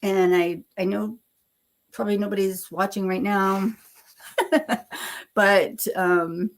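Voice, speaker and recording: A woman's voice: medium pitch, steady tone, slow. A middle-aged woman hosting a casual live stream, rambling, self-deprecating, laughing often and swearing freely.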